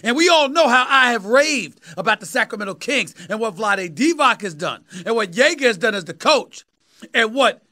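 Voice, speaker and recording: A man in his fifties with a strong New York accent talks sports, his voice pitched unusually high with a tense, forceful edge. He preaches rather than chats, raising his voice to a shout and repeating lines for emphasis. It is a fiery sports talk monologue. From New York, USA. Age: 50s. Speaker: sports talk show host.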